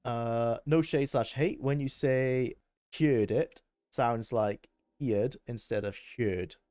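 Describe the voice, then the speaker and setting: A young man with a Welsh accent chatting casually while streaming a game, barking quick orders at his squad. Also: mid-range voice, dark tone, no room sound, clean studio sound. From Wales. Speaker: livestreamer. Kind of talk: live gameplay commentary.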